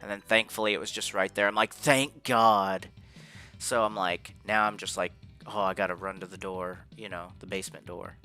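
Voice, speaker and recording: A man's voice: deep voice, steady tone, normal speed, pushed and bright. A man giving casual, rambling commentary over his own gameplay footage, frustrated and swearing often. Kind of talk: casual post-game commentary. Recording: faint game music behind.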